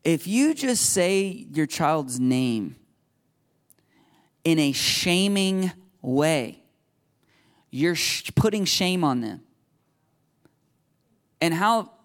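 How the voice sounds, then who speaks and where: A man preaching a sermon to a live congregation in a loose, conversational way, joking and laughing at himself between points. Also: a little high.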